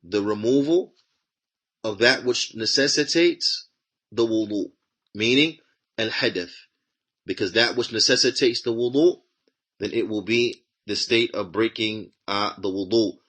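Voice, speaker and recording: A man teaching a religious lesson. He reads a passage in quick bursts, then explains it slowly and repeats each point. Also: on the low side, fairly bright tone.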